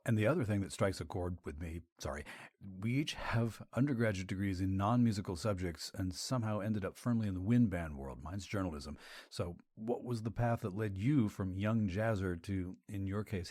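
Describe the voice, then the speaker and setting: A man's voice: sits low, moderate pace, darkish tone, no room sound. A man hosting a podcast interview, asking questions in a wry, self-deprecating way and laughing easily. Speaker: podcast host. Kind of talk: casual interview chat.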